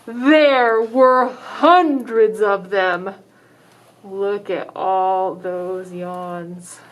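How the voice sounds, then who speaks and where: A woman librarian reading a picture book aloud to children, dramatic in the exciting parts and stopping to ask the listeners questions. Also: medium pitch, very slow. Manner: expressive, dramatic exclamations, asks children questions.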